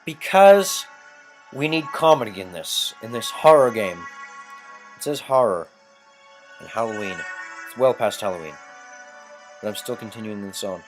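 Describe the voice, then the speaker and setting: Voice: mid-range voice, expressive, moderate pace, pauses often, faint music behind. Joking let's-play commentator. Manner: chatty, joking, swears at glitches. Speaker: gameplay video creator.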